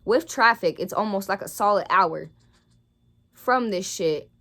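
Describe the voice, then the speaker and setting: A woman's voice: medium pitch, a little slow, a bit bright. A young woman telling a heated, profane storytime rant about her job in a vlog. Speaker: vlogger.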